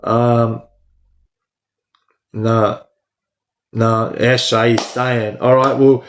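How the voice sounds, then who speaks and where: A man's voice: medium pitch, level tone, extremely slow, slight background noise. Australian man chatting on a livestream. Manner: slangy, talks to chat by name, says "bro" a lot. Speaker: livestream host. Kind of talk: casual livestream chat with viewers.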